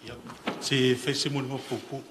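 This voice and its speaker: A man's voice: mid-range voice, little pitch movement, moderate pace, background noise. A middle-aged man giving a solemn, heartfelt eulogy for his mother in a large church. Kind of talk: funeral eulogy. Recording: echoey church hall, faint ambience.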